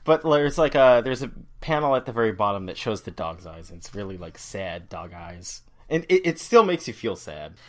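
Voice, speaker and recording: A man on a casual podcast, explaining comic panels in a halting way full of fillers. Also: on the low side, big pitch swings. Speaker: podcast co-host. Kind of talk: casual chat about a comic.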